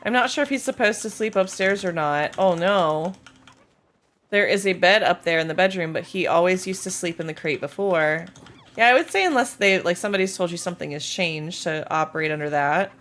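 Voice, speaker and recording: A woman's voice: fairly low pitch, a little fast, a bit bright. A woman game streamer in casual live-stream chat, bubbly and playful as she talks to her viewers.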